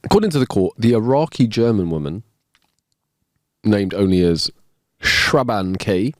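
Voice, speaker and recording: A man's voice: on the low side, lively intonation, a little slow, no echo, clean studio sound. A man co-hosting a podcast, chatting casually and reading a news story aloud with his own asides. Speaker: podcast co-host. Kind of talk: casual chat.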